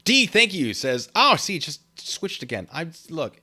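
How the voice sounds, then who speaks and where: A man's voice: a little high, big pitch swings, normal speed, pushed and bright. A man hosting a casual livestream, reading viewer comments aloud with lots of fillers and laughs. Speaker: livestream host reading chat.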